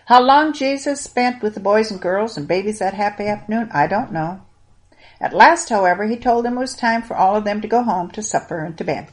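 A woman narrating a Bible story for children in an expressive, moralizing way, speaking directly to the listener. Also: mid-range voice, brisk.

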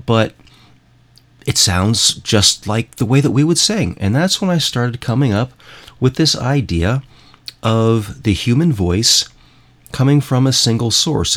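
A man hosting a show, talking in a rambling, emphatic way and repeating himself as he introduces music clips. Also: mid-range voice. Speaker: host. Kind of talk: casual monologue playing music clips.

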